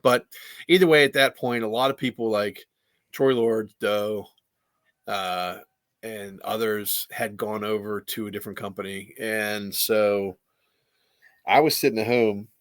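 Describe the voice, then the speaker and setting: A man's voice: lowish voice, fairly even intonation, a little slow, fairly bright tone, no room sound, studio quality. A man who is a pro wrestler and trainer, telling stories as a podcast guest in a blunt, candid way with plenty of swearing. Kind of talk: casual interview storytelling.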